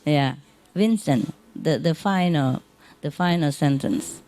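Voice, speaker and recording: A woman giving an informal spiritual talk to an audience, speaking gently and unhurriedly in simple, non-native phrasing, often chuckling and repeating phrases to reassure her listeners. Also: low voice, slow. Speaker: spiritual teacher.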